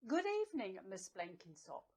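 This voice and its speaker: A prim, courteous TV presenter, acted by a woman, speaks in a lively, up-and-down voice at a middling pitch. She sounds eager and politely curious throughout. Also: normal speed, husky. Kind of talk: comedy sketch acting.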